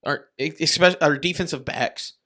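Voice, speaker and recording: A man's voice: fairly high pitch, a little fast, sharp tone. A man co-hosting a sports podcast in casual, profane, jokey chat, laughing often. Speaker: podcast co-host.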